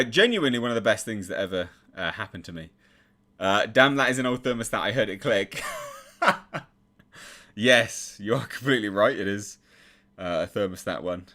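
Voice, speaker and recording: A man's voice: lowish voice, pushed and bright. A young English man chatting casually on a live stream and reading out viewer comments. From England.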